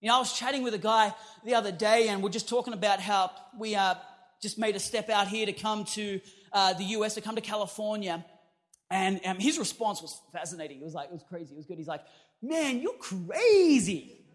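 A male pastor delivering an energetic sermon with a very high, bright, forceful voice. He speaks emphatically and punchily, calling out to the congregation as he preaches. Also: quick pace.

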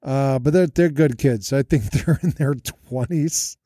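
A chatty podcast host rambles through casual stories from a hotel room rigged with makeshift soundproofing, poking fun at himself along the way. His voice is medium in pitch and warm, with a measured pace. The sound is dry and studio-clean, captured on a podcast mic through an audio interface.

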